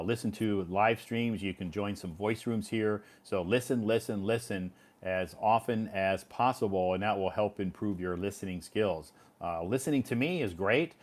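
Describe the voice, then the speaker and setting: An American man hosting a casual live stream, talking in a rambling way with many fillers. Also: lowish voice. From United States. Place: home in Beijing.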